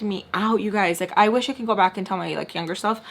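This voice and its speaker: Animated young woman telling a story. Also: medium pitch, fairly quick, gravelly. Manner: animated, filler-heavy storytelling with whispered asides. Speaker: vlogger. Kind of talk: casual storytime chat. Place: home room, doing makeup.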